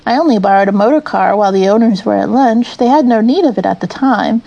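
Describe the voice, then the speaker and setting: A woman reading as a boastful, self-pitying male toad gentleman who pleads and excuses himself dramatically in an audiobook. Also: medium pitch, fast, vocal fry, muffled recording. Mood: excusing.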